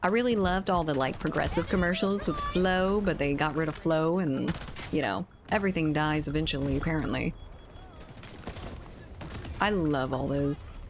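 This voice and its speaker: Lower-pitched woman streamer, loose and profane. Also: normal speed, background noise. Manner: loose, profane, chatty, reads chat aloud. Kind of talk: casual gaming livestream chat.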